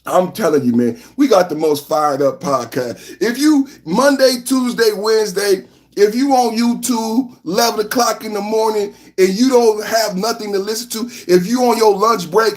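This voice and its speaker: A man hosting a live podcast, hyping viewers with chants, shouts and sing-song lines, then reading news with commentary. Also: high-pitched, moderate pace. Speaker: podcast host.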